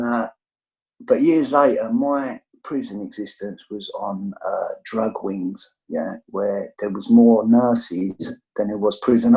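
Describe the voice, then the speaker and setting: A man's voice: lowish voice, darkish tone, rough recording. A middle-aged English man with an English accent, telling his recovery story over a video call in a rambling, candid way full of fillers. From England. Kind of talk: casual storytelling.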